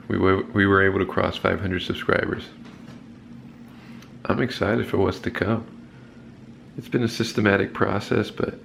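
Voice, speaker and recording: A low, gravelly male voice talks in a relaxed, upbeat way, checking in with his viewers like an old friend. There is a faint hiss of background noise behind him, and he sounds just off camera. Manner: upbeat, laid-back, celebrating milestones. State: scratchy just-woke-up voice. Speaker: YouTube channel host. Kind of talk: casual check-in vlog.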